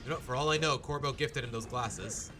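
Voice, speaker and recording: Over game music, a male streamer talks his audience through his gameplay live, kidding around and addressing viewers directly. He speaks a little fast in a medium pitch, with an animated, playful energy.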